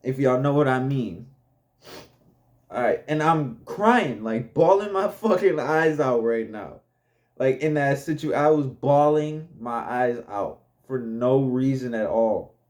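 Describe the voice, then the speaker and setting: A man's voice: mid-range voice, animated, takes it slowly, darkish tone. A young man casually telling a personal story to his viewers, laid-back and chatty, laughing often and calling the audience y'all.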